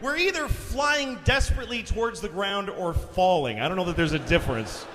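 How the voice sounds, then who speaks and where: High-pitched, animated stand-up comedian. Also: male voice, fairly quick. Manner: animated storytelling, profane, swings to shouting. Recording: long-reverb theater hall, faint noise.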